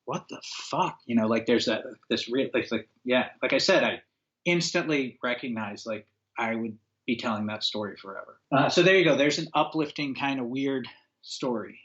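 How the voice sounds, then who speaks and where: The recording cuts off the highs on this medium-pitched man talking at a moderate pace. He's a former record label owner from upstate New York, guesting on a podcast and casually telling a story with acted-out quotes and plenty of fillers.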